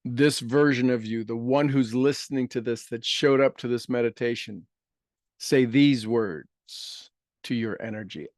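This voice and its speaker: A man guiding a meditation, speaking softly and slowly, repeating each affirmation phrase with long pauses. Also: mid-range voice, no room sound, clean studio sound. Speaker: meditation guide. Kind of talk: guided meditation with call-and-response affirmations.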